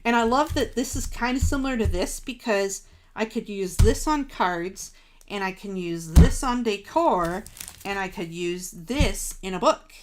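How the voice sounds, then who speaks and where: A woman's voice: mid-range voice, expressive, measured pace, slight background noise. A woman hosting a live crafting stream, chatting casually with viewers, gushing over supplies and laughing at herself. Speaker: craft livestream host.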